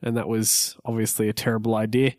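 A man's voice: lowish voice, level tone, a little fast, a little mellow, dry recording, clean studio sound. Rambling man, casual podcast chat. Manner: rambling, self-deprecating storyteller. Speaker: podcast co-host.

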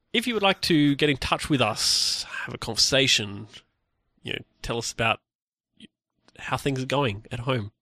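A man's voice: mid-range voice, big pitch swings, measured pace, long pauses, sharp tone, dry recording, studio quality. A man co-hosting a casual podcast, rambling with restarts and fillers. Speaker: podcast co-host.

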